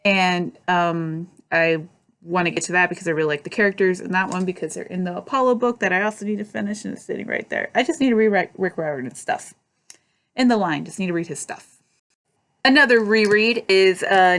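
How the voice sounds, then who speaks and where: A woman's voice: medium pitch, a bit bright. A young woman vlogging at home, chatting casually and rambling with lots of fillers and restarts. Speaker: book vlogger. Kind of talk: casual chat. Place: at home by her bookshelves.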